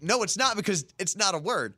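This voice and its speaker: A man co-hosting a podcast, ranting in animated, exasperated casual chat. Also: sits high, brisk, no room sound, studio quality. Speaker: podcast co-host.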